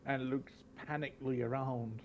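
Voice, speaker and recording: A man narrating a tabletop role-playing game as game master, describing scenes slowly with fillers. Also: mid-range voice, fairly even intonation, muffled recording, a little hiss or hum.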